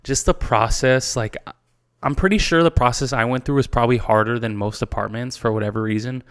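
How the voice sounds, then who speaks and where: A man's voice: medium pitch, fairly quick, a bit bright, smooth, no room sound, studio quality. A man in his twenties with an American accent, hosting a casual solo podcast, talking loosely with lots of "dude" and swearing, at times turning tearful. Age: 20s. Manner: casual, swears a lot, says "dude" often; gets tearful and emotional. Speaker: podcast host.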